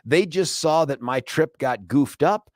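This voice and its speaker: A man's voice: a little high, a little slow, dry recording. Guy in his 50s hosting talk radio, chatty and rambly, dead dry studio mic. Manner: lively storyteller, rambling with restarts. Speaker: radio talk show host. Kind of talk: casual talk radio chat. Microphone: studio microphone.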